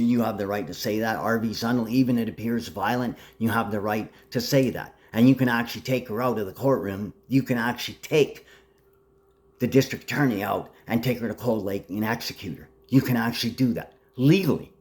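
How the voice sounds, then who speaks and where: A man's voice: on the low side, a little fast. A man delivering a rambling, agitated monologue full of threats, jumping between topics.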